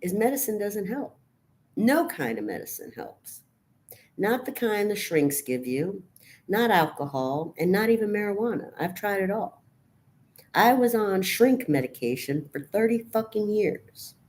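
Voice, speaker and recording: A middle-aged woman venting in a raw, profane monologue to camera, swinging from quiet brooding to loud outbursts. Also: medium pitch, big pitch swings, unhurried. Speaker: vlogger.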